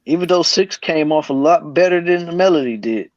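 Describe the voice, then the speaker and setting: A man co-hosting a casual live-stream chat, slangy and laid-back, giving shout-outs to viewers. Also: a little high, lively intonation, fairly quick, dry recording, muffled recording. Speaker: co-host.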